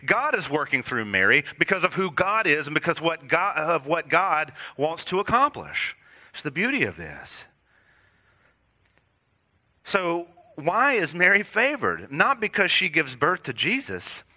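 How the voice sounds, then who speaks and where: A man preaching with a very bright, forward tone and a lively, wide-ranging pitch. He speaks earnestly to his congregation, rising to emphatic high points and sinking to hushed, weighty lines. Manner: addresses congregation directly. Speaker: pastor. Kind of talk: sermon.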